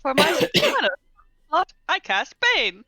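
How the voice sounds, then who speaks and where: A woman's voice: high-pitched, wildly swooping pitch, slow pace, pushed and bright, dry recording. A woman playing a tabletop game in casual chat, playful and giggly. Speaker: player.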